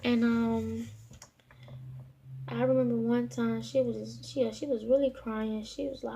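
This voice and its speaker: A woman vlogger telling a personal story to camera, in a halting way full of fillers and restarts. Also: fairly high pitch, little pitch movement, vocal fry, warm tone, slightly rough.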